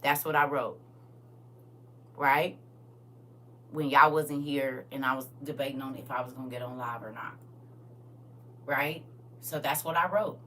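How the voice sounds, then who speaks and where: A woman's voice: extremely low pitch, steady tone, a little slow, pauses often, pushed and bright, recorded from a distance. A woman talking casually and candidly to her audience on a live stream, addressing viewers directly.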